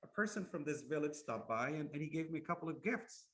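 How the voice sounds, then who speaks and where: A man voicing a grateful but demanding adult male king in a told story, exclaiming and rising in pitch. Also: lively intonation, quick pace, a bit bright. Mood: questioning.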